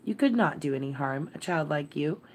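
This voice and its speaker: A woman voicing a melancholy, fretful gentleman who speaks in a worried, absent-minded way. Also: low voice, animated, moderate pace.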